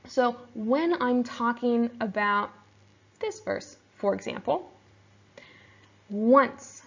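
A woman teacher explaining poetry in a steady, explanatory lesson, sometimes reading verse aloud slowly. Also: on the high side, dull audio. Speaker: English teacher.

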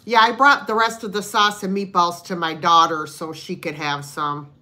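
A woman's voice: fairly low pitch, steady tone, moderate pace, bright, forceful tone. A middle-aged woman hosting a live sale, casually chatting, laughing often and greeting viewers by name. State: cold, complaining of freezing.

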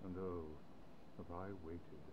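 A man's voice: low voice, flat delivery, takes it slowly. A man voicing a courteous, cheerful middle-aged knight in game dialogue, polite and wry. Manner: polite, wry and long-suffering. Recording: dull game audio with crowd noise.

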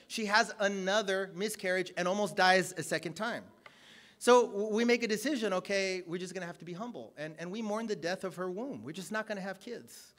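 A man preaching a sermon, telling a personal story, loud and emphatic at times, then dropping to low, quiet asides.

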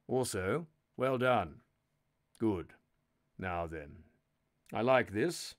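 A man's voice: fairly low pitch, expressive, extremely slow, long pauses. A man hosting a live text adventure game, narrating in a sardonic, mock-menacing, sweary way.

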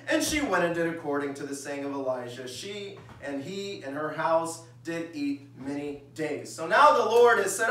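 A male pastor delivers a sermon, reading scripture aloud and shifting into conversational, acted-out voices. His tone is bright and forceful and sits a little high for a man. He sounds a bit distant from the mic in a strongly reverberant church hall. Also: expressive, moderate pace. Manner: reads scripture, then acts out everyday voices conversationally. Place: church sanctuary.

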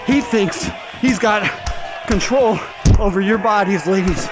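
A man's voice: sits high, a little slow, a crowd in the background. Breathless, cursing man boxing in VR. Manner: profane, angry ranting with shouted outbursts. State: out of breath from exercise. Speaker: VR fitness vlogger. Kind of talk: ranting while playing a VR boxing game. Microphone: VR headset mic.

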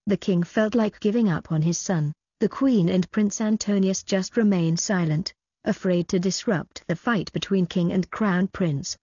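A woman reading a novel aloud as an audiobook narrator, in an even, measured way, on dull lo-fi audio. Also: fairly low pitch, husky, dry recording. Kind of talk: scripted story narration.

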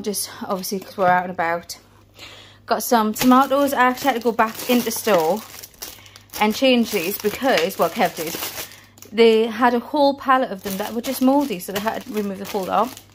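A woman's voice: mid-range voice, slight background noise. A British woman in her thirties, out of breath, chatting casually through a family shopping haul. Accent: British English. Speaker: family vlogger. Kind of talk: casual vlog chat.

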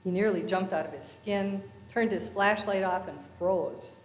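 A woman's voice: mid-range voice, measured pace. A woman at a church service telling jokes to the congregation, acting out the characters. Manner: storytelling with voices for characters. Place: church sanctuary. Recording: echoey church hall.

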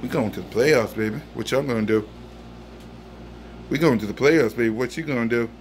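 A man's voice: medium pitch, fairly quick, a little hiss or hum. A man delivering a boisterous, trash-talking postgame rant as a sports fan, hollering and chanting the same lines over and over. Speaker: sports fan ranting after a game.

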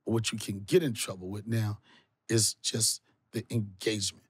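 A man hosting a podcast in a studio, talking in a casual comic way. His voice is husky, and it sounds dry and close to the mic. He swears freely and jumps his pitch way up for punchlines. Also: flat delivery, normal speed, dry recording. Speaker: comedian podcast host. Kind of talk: casual comedic chat.

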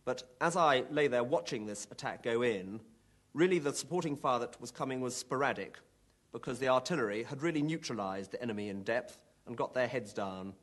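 A man, a former company commander, recounting a battle in a measured, understated documentary interview with a dry touch. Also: mid-range voice, a bit bright.

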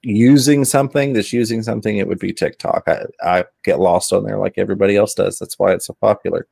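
A man's voice: lowish voice, fairly even intonation, fast talker, vocal fry, warm tone, husky, no echo. A middle-aged man hosting a casual chat, easygoing and rambling, often restarting his sentences. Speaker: host.

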